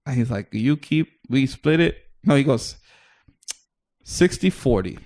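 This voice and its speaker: A man's voice: mid-range voice, animated, unhurried, darkish tone. A man from the Bronx, a comedian, telling a long casual story as a podcast guest. He swears freely, restarts his sentences, and acts out other people's lines. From New York, the Bronx.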